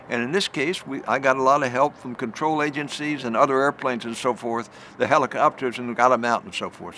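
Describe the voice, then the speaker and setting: A retired general, now an older man, tells a vivid story in a recorded talk, his pitch rising at the tense moments as he restarts phrases. The tone comes across bright and forceful, with a little hiss or hum in the background.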